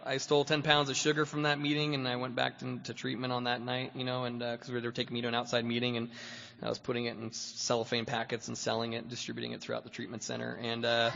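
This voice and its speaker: A man's voice: medium pitch, monotone, quick pace, gravelly, fairly bright tone. A man giving a personal recovery testimony as a guest speaker, rambling and self-deprecating, full of "you know". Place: meeting hall. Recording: dull lo-fi hall recording with long reverb.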